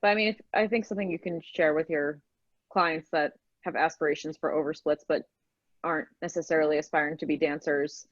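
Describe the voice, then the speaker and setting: A woman's voice: sits low, steady tone, fairly quick, no room sound, muffled recording. A woman who is a dancer and personal trainer, speaking frankly and easily as a podcast guest. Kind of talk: casual podcast interview.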